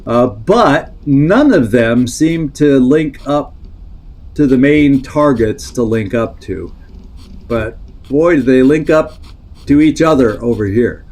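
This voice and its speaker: A man's voice: medium pitch, animated, takes it slowly, a little mellow. Man thinking aloud over a strategy game. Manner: thinking aloud, reading in-game text, answering chat. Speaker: streamer playing a strategy game. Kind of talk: live-stream gameplay commentary.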